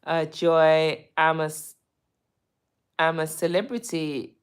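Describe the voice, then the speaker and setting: A woman from the UK hosting a casual live stream, greeting viewers with lots of ums and gushing when she gets excited. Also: deep voice, slow pace, pauses often, smooth. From United Kingdom. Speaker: livestream host.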